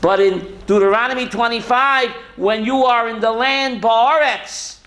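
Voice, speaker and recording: A rabbi teaching a Torah class to students, animated and full of rhetorical questions. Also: male voice, very high-pitched, unhurried. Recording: roomy classroom echo.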